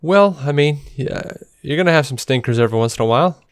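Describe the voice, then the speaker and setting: A man co-hosts a podcast in casual, blunt chat, his voice smooth and clear. He is sarcastic and laughs often. The sound is dry and close. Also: on the high side, expressive, fast, no echo. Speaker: podcast co-host.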